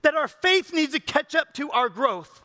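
A pastor preaches a sermon in an extremely high-pitched, sharp voice with lively intonation and a moderate pace. He talks with his congregation in a conversational, joking way, calling people up and coaxing them onto the stage.

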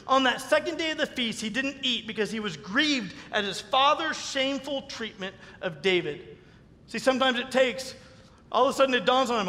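A man preaching a sermon as pastor, animated, acting out the voices of the people he quotes. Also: extremely high pitch, a little fast. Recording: long reverb of a hall.

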